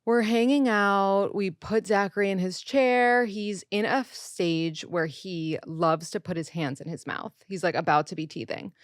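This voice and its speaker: A woman in her thirties, a podcast host, casually telling a story in an animated way and acting out the people she quotes. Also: mid-range voice, measured pace, few pauses, no echo, clean studio sound. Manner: animated, quotes people in raised voices, swears.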